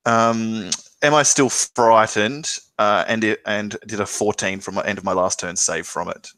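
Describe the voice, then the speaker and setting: A man's voice: fairly low pitch, steady tone, unhurried, a bit bright, clean tone, no echo. A man playing a tabletop game, asking the game master questions in a hesitant way. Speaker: player. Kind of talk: casual tabletop game play.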